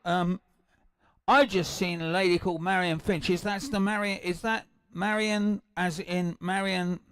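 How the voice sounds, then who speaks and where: An older English man hosting a livestream, chatting in a rambling, excitable way with many restarts between songs. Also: high voice, measured pace, clean tone, no room sound. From England. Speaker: livestream host and guitarist. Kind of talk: casual chat between songs. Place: home livestream. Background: acoustic guitar.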